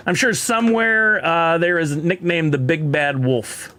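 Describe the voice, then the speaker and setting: A man's voice: on the high side, steady tone, measured pace, fairly bright tone. A man with a Texan accent chatting casually on a live stream, rambling and laughing often while reading chat.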